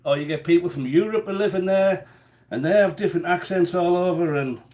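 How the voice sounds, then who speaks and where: A man's voice: high voice, brisk, a little mellow. A man chatting casually in his home kitchen during a live cooking stream, rambling and often repeating words as he goes.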